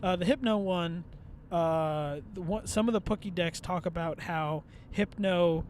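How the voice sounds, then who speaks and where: High-pitched guy cohosting a podcast outside, animated and rambling, swears a ton, faint noise behind. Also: a little slow. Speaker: podcast co-host. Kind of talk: casual chat. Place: outdoors at a bridge.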